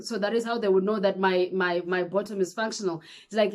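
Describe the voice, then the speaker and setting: A young woman, telling a personal story to camera in a casual, animated way. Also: medium pitch, brisk, few pauses. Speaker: vlogger.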